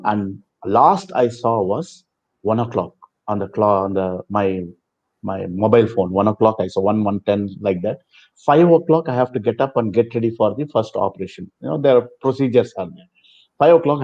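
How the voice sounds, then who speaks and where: A man's voice: lowish voice, dark tone. An older man with an Indian English accent, earnestly recounting a personal story and acting out the dialogue of the people in it. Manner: earnest, retelling dialogue with quoted voices. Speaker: guest. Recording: muffled lo-fi audio.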